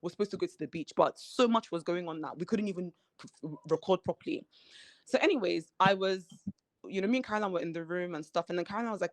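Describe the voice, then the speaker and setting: A woman, a reality show cast member telling her story in an animated way and acting out the quoted lines of the people in it. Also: lowish voice, fast talker, dry recording. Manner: animated, acts out quoted dialogue. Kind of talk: candid podcast interview storytelling.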